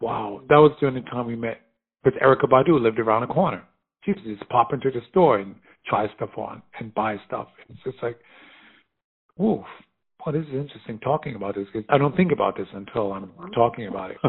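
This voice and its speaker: Middle-aged American man, husky voice, spirited storyteller who laughs easily; narrow phone-like audio. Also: medium pitch. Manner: animated, laughs often, lively retelling with quoted voices. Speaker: fashion designer guest. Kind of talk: casual storytelling conversation.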